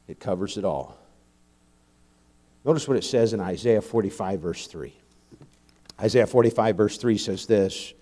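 A young man preaching a sermon, telling stories with frequent laughs and building to loud, emphatic peaks. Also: on the low side, normal speed. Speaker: pastor.

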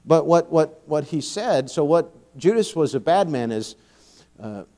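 Young male preacher, slightly high voice, anecdotal, laughs often, swells to emphatic climaxes. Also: lively intonation, measured pace. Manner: storytelling, laughs often, builds to loud emphatic peaks. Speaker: pastor. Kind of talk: sermon.

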